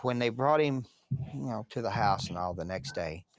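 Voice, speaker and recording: A man's voice: on the low side, expressive, normal speed, no room sound, studio quality. A man interviewed for a documentary, recounting a memory and acting out the words of others. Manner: storytelling, acts out quoted dialogue.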